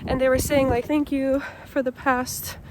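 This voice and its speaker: A high-voiced woman in her late twenties talks into a phone held at arm's length, sick and stuffy behind a mask. She gushes with repeated exclamations, overwhelmed and close to tears. Background noise hisses under her voice outdoors at night. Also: little pitch movement, normal speed. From Chicago, USA. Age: late 20s. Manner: emotional, gushing, repeated exclamations. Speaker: vlogger, departing English teacher. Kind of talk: handheld vlog talking to camera. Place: school grounds at night, partly outdoors.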